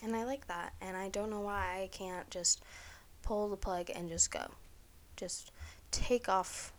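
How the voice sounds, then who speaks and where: A woman's voice: medium pitch, steady tone, unhurried. A young woman hosting a casual solo podcast, rambling with lots of "like" and frequent swearing. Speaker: podcast host.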